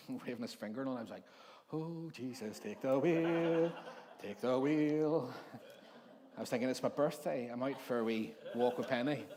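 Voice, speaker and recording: A man's voice: mid-range voice, darkish tone, long reverb tail. A man of forty with a Northern Irish accent, preaching a conversational sermon full of jokes and acted-out voices. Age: 40s. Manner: jokey storytelling, acts out overheard voices. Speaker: pastor. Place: church hall.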